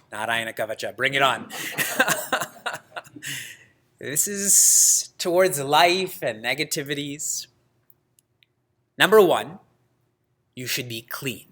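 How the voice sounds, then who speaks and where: A man teaching a religious class in a lively way, asking his students questions and laughing often. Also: mid-range voice. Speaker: spiritual teacher.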